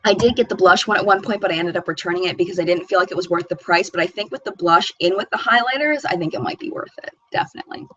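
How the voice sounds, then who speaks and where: Bright-voiced woman hosting a live chat. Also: lowish voice, fast talker, hardly any pauses, highs cut off, a little hiss or hum. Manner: chatty and rambling, often laughing. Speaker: beauty channel host. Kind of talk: live chat reading viewer comments.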